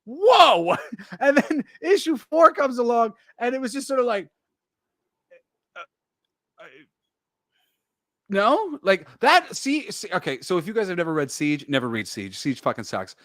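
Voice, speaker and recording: A man co-hosting a geek podcast in casual chat, animated and swearing, acting out quotes as he talks. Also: sits high, moderate pace, dry recording, studio quality. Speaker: podcast co-host.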